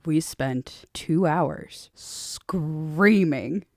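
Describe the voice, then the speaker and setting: A young woman co-hosting a podcast in casual chat, bubbly and a little hoarse, swearing freely and laughing often. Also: deep voice, extremely slow, dry recording, studio quality. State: slightly hoarse. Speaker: podcast co-host.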